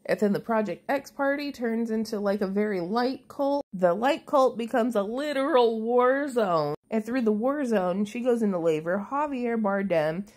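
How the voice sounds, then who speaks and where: A woman's voice: a little high, expressive, moderate pace, hardly any pauses, darkish tone. A woman recapping a movie in a casual, chatty way, sarcastic and full of swearing.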